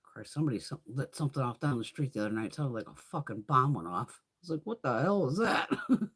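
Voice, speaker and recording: Husky and extremely low-pitched, this middle-aged woman talks quickly and with animation on her laid-back beauty livestream. She chats freely, swears a lot, and laughs between thoughts.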